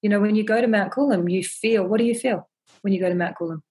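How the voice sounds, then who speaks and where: A woman speaking as a podcast guest, sharing her practice in a gentle, earnest, reflective way and often repeating words as she thinks. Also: medium pitch, fast, husky. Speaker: podcast guest, ceremony holder.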